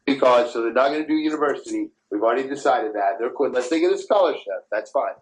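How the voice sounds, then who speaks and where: A man in his thirties hosting a podcast, telling profane, animated anecdotes in casual chat and laughing as he goes. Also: medium pitch, racing, low-quality recording. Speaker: podcast host.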